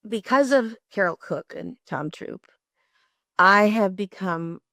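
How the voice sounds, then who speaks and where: An older woman telling lively, expressive stories as an interview guest, often laughing. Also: medium pitch, slow, no room sound, clean studio sound. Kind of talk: animated storytelling.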